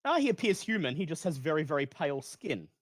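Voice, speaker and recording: Man, game master, slightly high voice, descriptive narration, occasional stumbles. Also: very animated, fast talker, husky, no echo.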